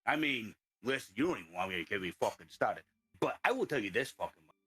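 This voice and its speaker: A man's voice: fairly low pitch, animated, quick pace, a bit bright, husky. A man playing a foul-mouthed, belligerent brawler who rants and taunts nonstop in a tabletop game. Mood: ranting menace. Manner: swearing constantly, taunting, ranting.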